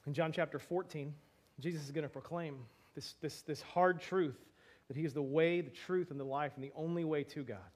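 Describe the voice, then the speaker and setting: High-voiced male pastor, animated conversational sermon, acts out scripture dialogue. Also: moderate pace.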